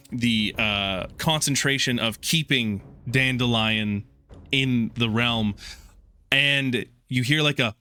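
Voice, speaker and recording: A man narrating as game master of a tabletop role-playing game in a loose, halting way, with restarts. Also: medium pitch, bright, forceful tone, clear, resonant tone.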